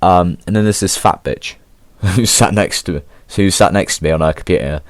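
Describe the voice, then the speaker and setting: A teenage lad with an English accent tells a school story in a loose, slang-heavy ramble, swearing freely. His voice sits low. The recording is very dry, with no room sound. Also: fairly quick, no room sound. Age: teens. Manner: slangy, swears a lot, laid-back. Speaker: vlogger. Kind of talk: casual storytelling.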